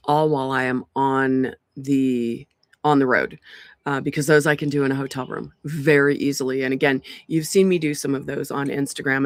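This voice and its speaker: Her voice is bass-deep, and the recording comes across clean, like a studio, with no echo. Livestreaming for her community from an outdoor porch in the pines via a laptop mic, she chats loosely, rambling and frequently restarting or saying um.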